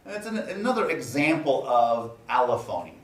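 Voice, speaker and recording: A man lecturing on phonetics, speaking deliberately and repeating example words to demonstrate sounds. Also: mid-range voice, big pitch swings. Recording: echoey room, mic at a distance, faint ambience.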